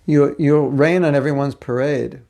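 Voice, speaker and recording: A man's voice: a little high, fairly even intonation, moderate pace, vocal fry, mellow. A man giving a spiritual lecture class in a conversational way, asking rhetorical questions and acting out quotes. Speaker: spiritual teacher.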